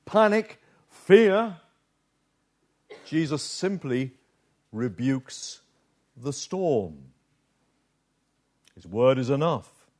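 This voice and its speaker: A man preaching a sermon with a slow, dramatic delivery, pausing often and dropping low and soft for emphasis. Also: big pitch swings.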